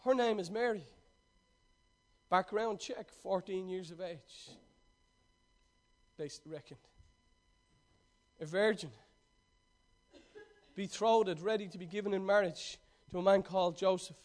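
A man preaching a sermon, reading scripture aloud and then retelling it with swings between loud emphasis and quiet asides. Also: sits high, unhurried, long pauses.

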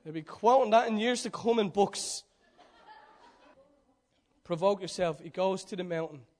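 A man delivering a sermon in a high voice. He urges his listeners loudly, then sinks to soft, intimate near-whispers. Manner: animated, swings from loud urging to hushed near-whisper. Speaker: preacher.

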